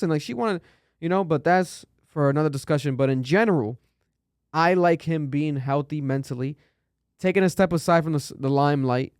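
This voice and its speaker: A man talks loosely on a podcast, heavy with fillers and the odd curse. His voice sounds smooth and clear, picked up dry and close on a studio mic. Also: on the high side, fairly quick, a little mellow, dry recording. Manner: loose and chatty, curses often, many fillers. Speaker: podcast host. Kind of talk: casual podcast chat.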